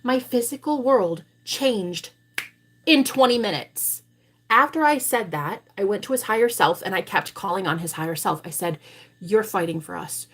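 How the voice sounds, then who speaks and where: On her tarot livestream, this woman reader spins a lively story for viewers, blunt and full of profanity. Her voice is medium in pitch, slightly rough, and runs at a normal speed.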